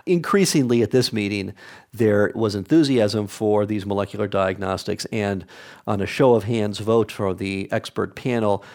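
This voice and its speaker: A man answering interview questions as an oncology expert, explaining in a measured, technical way. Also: lowish voice, darkish tone. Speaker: oncologist guest.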